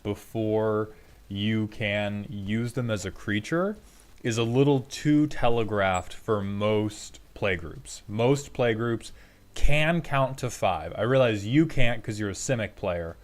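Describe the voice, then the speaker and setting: A man's voice: lowish voice, slow. A man hosting a casual livestream, sarcastic and profane, answering chat and mock-scolding viewers. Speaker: streamer host roasting viewer decks.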